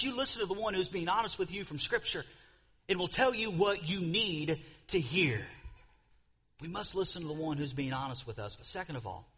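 A man preaching a sermon, earnest, slowing down on the verses he quotes and rising when he stresses a point. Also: on the high side, pushed and bright, slightly rough. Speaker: pastor.

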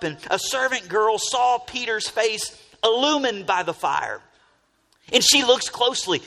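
A man delivers a sermon in a high, bright voice, pressing his listeners with rhetorical questions and stumbling into quick restarts. His words ring with a long reverb, as if spoken in a large church hall. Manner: expressive preaching with frequent restarts and rhetorical questions. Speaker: pastor.

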